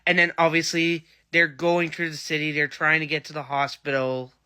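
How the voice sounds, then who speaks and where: A man's voice: fairly high pitch, little pitch movement, moderate pace, pushed and bright, clear, resonant tone. A man giving a casual, rambling, enthusiastic review of a TV episode. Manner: enthusiastic, rambling fan chatter. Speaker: TV show reviewer.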